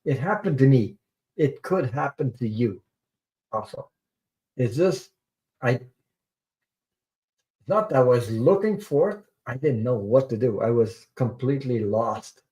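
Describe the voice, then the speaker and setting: A man's voice: mid-range voice, animated, a little slow, pauses often, mellow. A man hosting a tarot live stream, telling a personal story in an earnest, rambling way and repeating words for emphasis.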